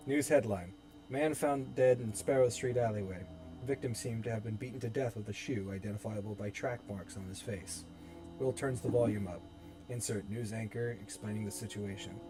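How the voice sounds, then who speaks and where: A young man narrating scene directions evenly in a dramatic reading of his own horror script. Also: lowish voice. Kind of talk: dramatic script table-read. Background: background music.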